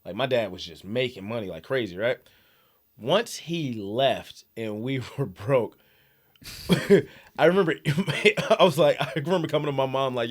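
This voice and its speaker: A man's voice: medium pitch, moderate pace. A young man from New York City, co-hosting a comedy podcast, telling profane stories with lots of laughter. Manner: animated, laughing, profane storytelling. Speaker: podcast co-host. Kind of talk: casual chat, storytelling.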